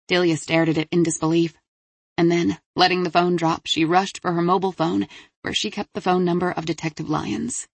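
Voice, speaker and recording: A woman narrating an audiobook in a steady, measured way. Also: fairly low pitch, gravelly, breathy edge, no room sound. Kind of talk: scripted narration.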